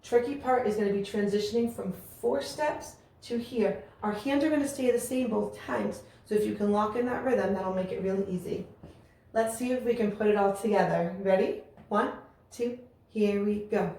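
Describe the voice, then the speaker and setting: This music teacher has a dark, mid-range voice and talks at a normal speed. She explains rhythms, chants the syllables aloud, and cheers the learners on. The space is very reverberant, with slight ambient noise.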